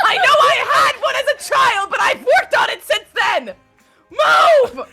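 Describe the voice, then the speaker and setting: A woman voicing a brusque male knight who shouts orders and swears. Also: very high voice, extremely slow, vocal fry, faint music behind, full character voice. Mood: barking orders.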